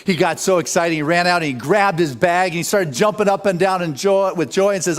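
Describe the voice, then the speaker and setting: A man preaching a sermon, telling a story with lively energy and laughter. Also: sits high, brisk, hardly any pauses. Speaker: pastor.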